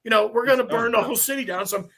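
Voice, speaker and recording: A man in his fifties, a firefighter lieutenant, telling animated, swearing stories on a podcast. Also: very high-pitched, rapid-fire. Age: 50s. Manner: animated, laughing, swearing storyteller. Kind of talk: casual storytelling.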